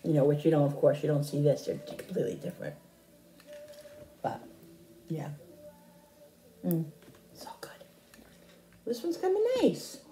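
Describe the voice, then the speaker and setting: A woman's voice: deep voice, wildly swooping pitch, measured pace, long pauses, mellow, a little hiss or hum. Chatty woman in an echoey home kitchen. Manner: chatty, talks straight to viewers. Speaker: cooking vlogger. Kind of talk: casual cooking chat.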